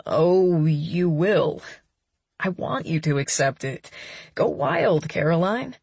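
A woman narrator voicing a confident, generous man who teases and insists calmly, her voice a little lower than her own. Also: slow, husky, no echo, heavily acted. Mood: teasing.

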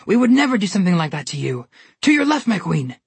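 A woman voicing a menacing, scheming male polar bear in a storybook, growling and mocking in a lowered voice. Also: very animated, fast, breathy edge, no room sound, heavily acted. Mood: fawning.

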